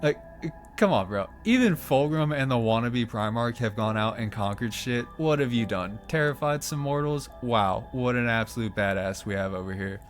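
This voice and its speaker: A man at a mid-range pitch tells a story with sarcastic, profane humor. He breaks in with quick offhand jokes. Faint music plays under his voice. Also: expressive. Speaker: channel host. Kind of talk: irreverent comedic narration.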